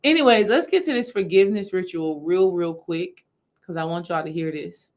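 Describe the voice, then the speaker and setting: A woman's voice: on the low side, normal speed, a little mellow, rough recording. A woman spiritual healing coach, talking her audience through a meditation step by step in a casual, repetitive way. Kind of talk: guided meditation talk to a live audience.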